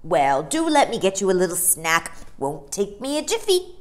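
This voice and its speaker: A woman's voice: medium pitch, huge pitch swings, normal speed. A woman voicing a big, friendly male polar bear in a storybook reading, hearty and sociable. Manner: hearty, loud and warmly sociable.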